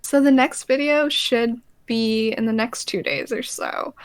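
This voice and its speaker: A woman's voice: a little high, steady tone, measured pace, no room sound. A young woman being interviewed as a guest streamer, laid-back and giggly, saying "like" a lot. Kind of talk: casual interview chat.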